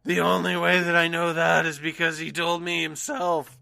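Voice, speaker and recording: A teasing comedy podcast co-host who reads forum posts aloud in a gravelly, bright voice. The pitch moves about a lot and the sound is dry and close. The host laughs often between lines. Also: flat delivery, moderate pace, no room sound. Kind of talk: casual comedy chat.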